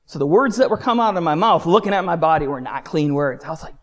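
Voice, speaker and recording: A man's voice: a little high, fast, hardly any pauses. Man telling a testimony in a reverberant hall. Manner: animated storytelling, swings from shouting to hushed whispers. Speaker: speaker giving a personal testimony. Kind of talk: dramatic personal testimony.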